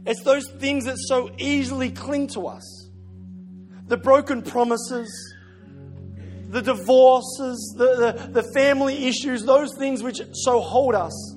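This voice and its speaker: With a very high voice and an unhurried pace, a middle-aged man preaches as pastor while faint music plays behind him. He tells stories conversationally, pokes fun at himself, and tends to repeat a word as he hunts for what comes next.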